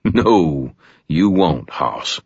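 A gruff older wizard mentor, voiced by a man speaks bluntly in a very low, husky voice. He is low-key and bitter rather than loud. The sound is dry and a little dull. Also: sing-song, drawn-out words, no echo, exaggerated voice.

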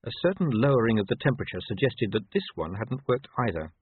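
A man narrating an audiobook in a lively, expressive storytelling manner. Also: on the low side, fast, husky, no room sound. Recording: tinny lo-fi dry recording.

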